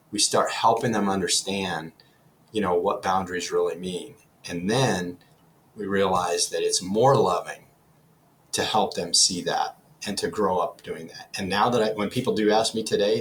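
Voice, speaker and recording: A man's voice: lowish voice, slight background noise, low-quality recording. A middle-aged man speaking earnestly as an interview guest, often restarting his phrases. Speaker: guest, nonprofit executive director. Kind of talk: conversational interview.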